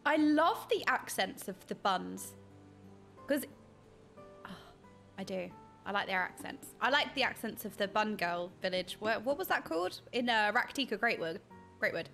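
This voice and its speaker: A young adult woman streaming a game, excitably commenting and reading quest text aloud. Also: mid-range voice, moderate pace, vocal fry, faint music behind. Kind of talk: live gameplay commentary.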